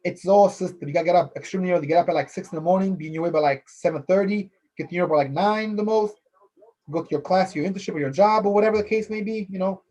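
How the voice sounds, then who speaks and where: This solo podcast host from Philadelphia has a voice that sits high with a dark tone, and he talks fast. It's a casual, loose ramble where he repeats himself and keeps saying "you know."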